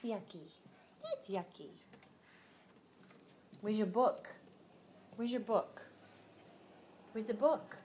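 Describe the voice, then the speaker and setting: Slow, sing-song woman in baby talk. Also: a little high, darkish tone, a little hiss or hum. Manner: sing-song, coaxing, makes animal noises. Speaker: parent.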